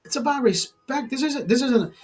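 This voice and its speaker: A man's voice: extremely high pitch, expressive, moderate pace, darkish tone, breathy edge. A man hosting his own channel, delivering a heated, profane political rant full of restarts. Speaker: channel host.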